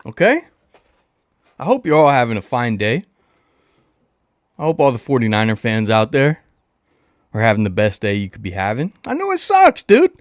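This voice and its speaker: A man hosting a casual livestream chat, talking to his viewers in a playful, animated way. He blows kisses into the mic, repeats lines for emphasis and refers to himself in the third person. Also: lowish voice, moderate pace, long pauses, dry recording, studio quality. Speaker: livestream host.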